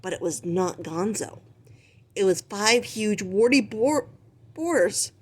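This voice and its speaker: A woman reading a children's picture book aloud with expressive, animated storytelling. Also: medium pitch, takes it slowly, slightly rough. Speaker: storybook reader.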